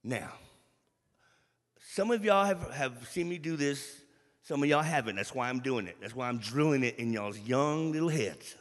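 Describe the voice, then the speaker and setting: A man giving an animated inspirational church talk, building emphatic points to a congregation. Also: medium pitch, normal speed. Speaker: church speaker. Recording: long reverb of a large hall.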